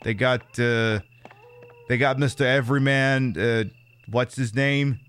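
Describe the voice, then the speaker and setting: A man chats casually while livestreaming a horror game, rambling and reacting to chat with plenty of fillers and repeated words. His mid-range voice is clear and resonant with a fairly bright tone, and he keeps a measured pace and fairly even intonation.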